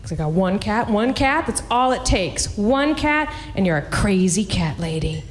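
A woman performing a stand-up set in a wry, conversational way with quick asides. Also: medium pitch, animated, in a large hall. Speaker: stand-up comedian.

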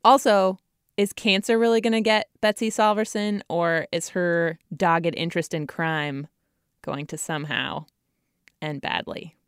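A woman's voice: on the low side, fairly even intonation, unhurried, clear, resonant tone, no echo, studio quality. A woman co-hosting a podcast, chatty and asking her guest questions. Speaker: podcast co-host. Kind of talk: casual podcast chat.

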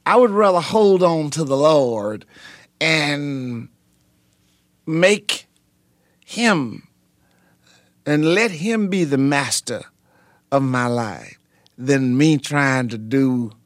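An older man, a pastor, telling his story in an interview with fervent, preacher-like feeling and many halting fillers. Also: on the high side, lively intonation, dry recording, clean studio sound.

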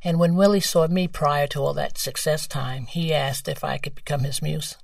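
A woman in her seventies with a New York accent, a guest telling frank, lively stories and laughing easily. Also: low-pitched, normal speed, vocal fry, no echo, studio quality, far from the mic. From New York, USA. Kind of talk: candid storytelling conversation.

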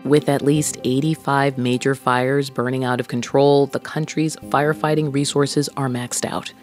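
A news podcast host reading scripted narration in a measured, steady delivery. The voice sits at an ordinary mid pitch. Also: soft background music.

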